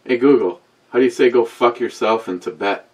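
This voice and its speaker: Speaking at medium pitch and a fairly quick pace, a man in his sixties reviews beer in casual chat to camera. He rambles, swears, makes wisecracks and throws asides at a voice assistant.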